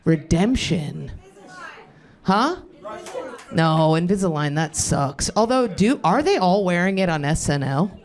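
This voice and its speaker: A man's voice: high-pitched, very animated, measured pace. A sleep-deprived man doing a rambling, self-deprecating stand-up set with crude stories. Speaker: stand-up comedian. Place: comedy club stage.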